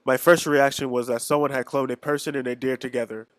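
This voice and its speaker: A man's voice: mid-range voice, level tone, fast, no echo. A man reading a novel aloud in an amateur read-along, plain delivery with small stumbles and restarts. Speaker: reader.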